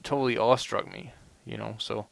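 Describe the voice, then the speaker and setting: A man's voice: on the low side, steady tone, fairly quick, gravelly. A young man giving casual let's play commentary, rambling and full of "you know" fillers. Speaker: gameplay commentator.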